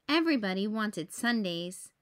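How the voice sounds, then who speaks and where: A woman reading a children's picture book aloud as a teacher, in a gentle storytelling manner for young kids. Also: mid-range voice, big pitch swings, moderate pace.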